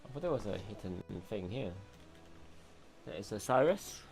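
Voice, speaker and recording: Low-voiced man musing over gameplay. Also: expressive, normal speed, vocal fry, a little mellow, soft background music. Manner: muttering to himself, thinking aloud. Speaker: gameplay streamer. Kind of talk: casual gameplay commentary.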